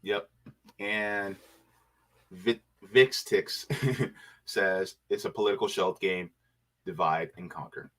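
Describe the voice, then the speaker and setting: A man hosting a livestream, thanking viewers by name and getting excited and emotional. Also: sits low, slow pace, long pauses. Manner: excited, emotional, shouting for joy. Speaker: livestream host. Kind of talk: casual livestream sign-off.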